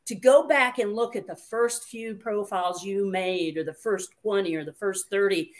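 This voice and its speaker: A woman's voice: mid-range voice, moderate pace. A woman hosting a casual livestream chat, reading viewer comments aloud in a chatty, playful way.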